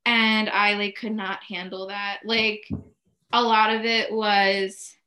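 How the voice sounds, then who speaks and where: A young woman in casual podcast chat, talking openly in quick bursts full of "like" and restarts. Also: medium pitch, level tone, sharp tone. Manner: talks in many short bursts filled with "like", candid and emotional. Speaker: podcast co-host.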